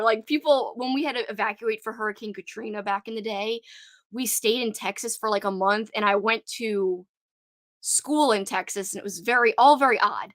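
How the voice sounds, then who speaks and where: A woman's voice: mid-range voice, moderate pace, no room sound, studio quality. A young woman from Louisiana with a Cajun accent, chatting casually with viewers on a livestream, rambling and giggly. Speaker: livestream host.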